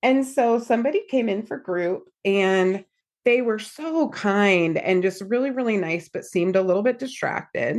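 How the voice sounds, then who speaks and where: At a medium pitch and a slightly slow pace, this American therapist and podcast host tells a story conversationally. She's an animated storyteller who performs each quote along the way.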